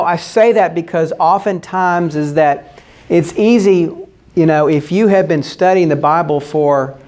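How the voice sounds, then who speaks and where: High-voiced man preaching a sermon. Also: a little mellow. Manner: earnest, explains scripture with rhetorical questions. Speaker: pastor.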